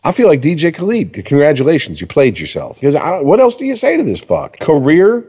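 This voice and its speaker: A man's voice: a little high, fairly quick, slightly rough, big-room sound, dull audio. A man ranting in profane casual sports chat as a podcast co-host. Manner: ranting, heavy swearing, animated.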